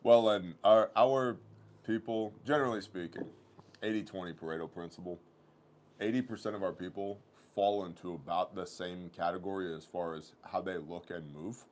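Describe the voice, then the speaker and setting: A man hosting a casual company livestream, chatting and telling stories with animated laughter. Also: sits low, normal speed, a little hiss or hum. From Oklahoma. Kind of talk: casual chat and storytelling.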